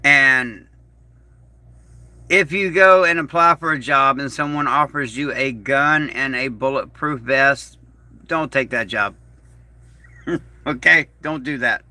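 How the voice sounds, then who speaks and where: A man hosting a casual livestream in a slow, rambling, folksy way, reading out viewer messages. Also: mid-range voice, sharp tone, dry recording. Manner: slow, rambling, folksy, reads chat aloud. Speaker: YouTube channel host.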